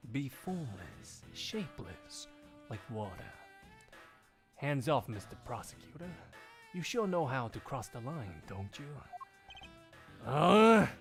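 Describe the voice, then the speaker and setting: A man in a live fan dub voicing a cocky male agent in a low, slow, smug voice. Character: cocky male martial-arts style agent.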